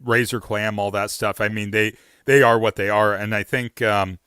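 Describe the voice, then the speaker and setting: A man's voice: on the low side, fairly even intonation, normal speed, sharp tone, smooth, no room sound, clean studio sound. A man hosting a casual outdoors livestream, rambling with lots of fillers and restarts. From Oregon. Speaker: livestream host.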